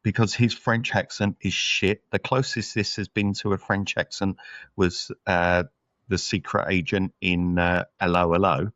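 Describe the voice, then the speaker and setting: A man co-hosting a casual film review podcast, blunt and sweary and quick to laugh. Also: sits low, level tone, fairly bright tone, no echo. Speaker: podcast co-host. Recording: slightly dull lo-fi sound.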